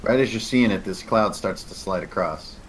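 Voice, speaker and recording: A man's voice: on the low side, normal speed, a little hiss or hum, low-quality recording. Man narrating as game master. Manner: descriptive, laughs easily.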